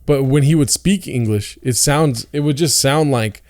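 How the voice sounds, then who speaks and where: A man's voice: medium pitch, moderate pace, a little mellow. Blunt, joking man on a podcast. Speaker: podcast co-host. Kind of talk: casual chat.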